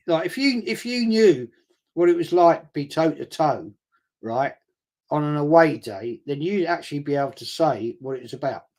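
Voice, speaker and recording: A man's voice: on the high side, a little mellow. An older man talks in a slightly raised voice. He hosts a casual football watch-along, telling blunt, sweary stories and squaring up to his critics. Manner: blunt, sweary, confrontational storytelling. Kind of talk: casual live-stream chat.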